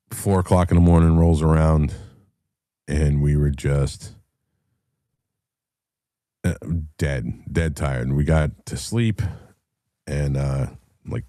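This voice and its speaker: A man's voice: a bass voice, warm tone, no echo, clean studio sound. A man hosting a show, telling a story in a blunt, profane, casual way. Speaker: podcast host.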